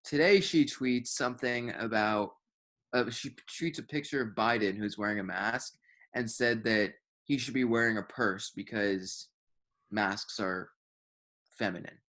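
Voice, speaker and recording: A man's voice: on the low side, unhurried, fairly bright tone. A young man co-hosting a podcast in casual chat, rambling with lots of filler words and swearing. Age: young adult. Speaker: podcast co-host.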